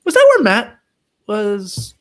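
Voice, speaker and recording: A man's voice: high voice, wildly swooping pitch, slow pace, fairly bright tone. A man hosting a casual sports chat, joking and reeling off trivia. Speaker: podcast host.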